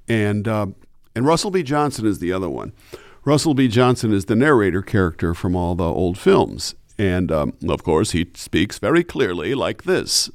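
An animated male radio announcer chats as a guest and tells his stories with energy. His voice sits low, and the recording is dry and close. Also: normal speed, no room sound. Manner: animated, chatty, slips into voices. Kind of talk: casual interview chat.

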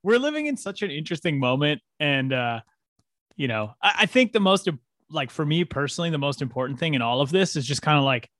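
A man's voice: on the high side, sing-song, fast talker, fairly bright tone, no echo. Easygoing man, close and dry. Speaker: podcast guest. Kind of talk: casual chat.

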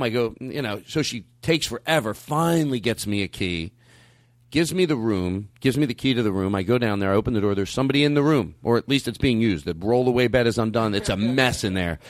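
A man's voice: fairly quick, dry recording. A man and comedian hosting a podcast, telling a story in casual chat and acting out his own outbursts. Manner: animated storyteller who acts out his own outbursts, swinging high and loud.

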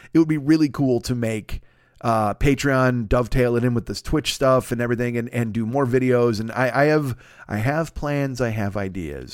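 A man's voice: medium pitch, no echo, studio quality. A man in his forties hosting a comedy podcast, rambling alone into a microphone in a profane, self-deprecating way. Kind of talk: casual rambling monologue. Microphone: studio microphone.

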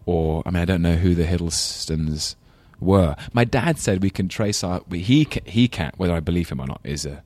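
A man's voice: low-pitched, animated, moderate pace, few pauses, darkish tone, no echo. A man with a London English accent, chatting as an interview guest, thoughtful and rambling, with self-deprecating laughs. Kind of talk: casual interview chat.

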